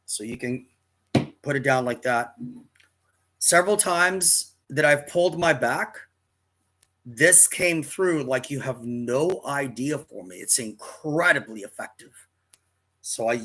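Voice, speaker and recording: Man, fifties, bright tense voice, unhurried rambling storytelling. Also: mid-range voice. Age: 50s. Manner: rambling, with frequent restarts and self-corrections. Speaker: vlogger telling a personal story. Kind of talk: casual first-person storytelling to camera.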